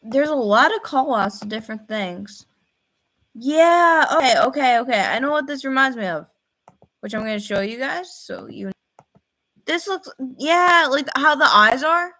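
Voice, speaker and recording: A young woman in casual reaction commentary, excitable, thinking out loud with fillers and repeated phrases. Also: high voice, unhurried. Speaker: reaction video host.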